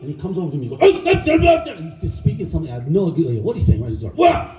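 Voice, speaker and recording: Middle-aged man, stage storyteller, casual, swears, very dark mellow voice, echoey hall, faint background noise. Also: fairly high pitch, racing. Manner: animated, casual, swears freely. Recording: roomy hall, mic at a distance, faint noise.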